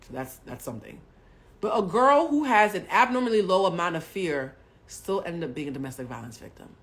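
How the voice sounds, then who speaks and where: A woman in her forties from Haiti, a spiritual coach telling a personal story on a livestream in a blunt, profane way, swinging from loud bursts to hushed asides. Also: fairly low pitch, very animated, a little fast. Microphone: webcam or phone mic on a home livestream.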